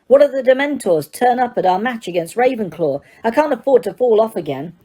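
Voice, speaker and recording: A woman's voice: animated, brisk. A woman voicing a determined teenage boy wizard. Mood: earnest. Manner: yells spells in strained high shouts. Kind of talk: audiobook character reading.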